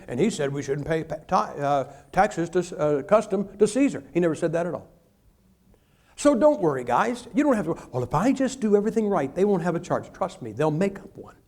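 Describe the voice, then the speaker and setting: A male preacher with a voice pitched a bit high. He delivers his sermon in a humorous, animated way, acting out short asides and stories. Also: fairly quick.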